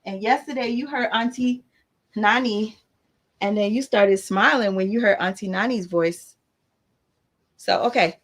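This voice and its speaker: A woman chatting on a phone livestream as host of her own channel. She talks loosely and warmly to her viewers, thanking them and addressing her baby, in a mid-range voice. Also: medium pitch, a little slow, long pauses. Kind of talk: casual livestream chat.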